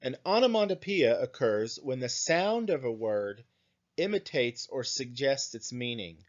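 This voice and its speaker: Slow-talking male English teacher, dull audio. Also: mid-range voice, animated. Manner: slow, thinking aloud with frequent "right?" and "um"; reads lyrics and verse aloud. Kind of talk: recorded lecture.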